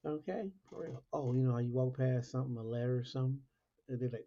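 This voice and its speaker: A man's voice: mid-range voice, fairly even intonation, fast talker. A man hosting a casual Christian talk monologue, asking repetitive rhetorical questions and laughing often. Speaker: Christian talk show host. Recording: lo-fi dull recording.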